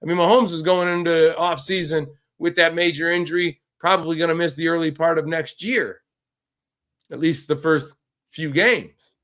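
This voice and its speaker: A man's voice: fairly high pitch, steady tone, moderate pace, fairly bright tone. A man hosting a casual sports talk podcast, ranting in a frustrated way and often restarting his sentences. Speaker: podcast host.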